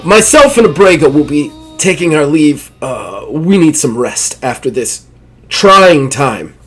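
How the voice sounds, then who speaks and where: A man voicing a pious, commanding high church leader who speaks in formal, measured pronouncements. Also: animated, fairly bright tone, faint music behind, low-quality recording. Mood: solemn.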